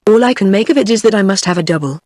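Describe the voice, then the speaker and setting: A woman's voice: medium pitch, animated, very fast, a little mellow, no room sound, clean studio sound, lightly acted. A text-to-speech woman's voice with a British English accent, reading the lines of an earnest, flustered young man. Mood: pleading. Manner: earnest, pleading.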